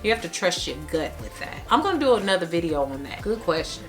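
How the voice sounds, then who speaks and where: A young woman with a St. Louis Midwest accent, chatting casually to camera as a vlogger, animated and laughing often. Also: on the low side, fast talker, soft background music. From Midwest United States.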